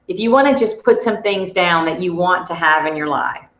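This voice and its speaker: Speaking at a moderate pace, this workshop leader has a lowish, fairly bright voice. She runs a motivational session and tells personal stories chattily, frequently starting over mid-thought, on roomy, dull-sounding audio.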